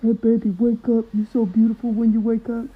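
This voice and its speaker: A woman's voice: fairly high pitch, level tone, a little fast, breathy edge. A woman doing a sweet-talking boyfriend, tinny. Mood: coaxing. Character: smooth-talking boyfriend waking his girl. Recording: tinny, phone-like sound.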